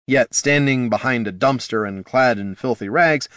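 A man narrating a fantasy story in an expressive storytelling way. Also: mid-range voice, normal speed, no echo, studio quality. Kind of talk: audiobook narration.

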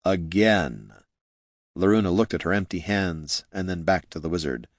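A man reading a fantasy novel aloud in an expressive storytelling manner. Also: sits low, fairly quick, dry recording, studio quality. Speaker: narrator. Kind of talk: fantasy audiobook narration.

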